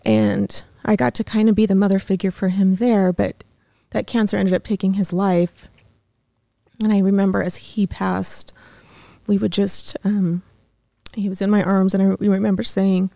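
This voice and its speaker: A woman in her thirties, a podcast guest in a studio, telling a painful personal story haltingly, with many fillers and restarts. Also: mid-range voice, little pitch movement, vocal fry, dark tone, dry recording.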